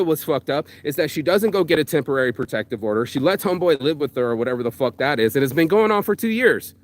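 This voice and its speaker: A man hosting his own vlog, delivering a blunt, profane motivational rant full of street slang and calling the listener bro. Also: mid-range voice. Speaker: vlog host.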